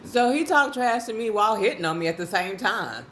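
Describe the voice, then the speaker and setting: A woman vlogger telling a casual story in a lively, colloquial way, often breaking into laughter. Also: mid-range voice, fairly quick, a little hiss or hum. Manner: animated, laughing, colloquial and conversational.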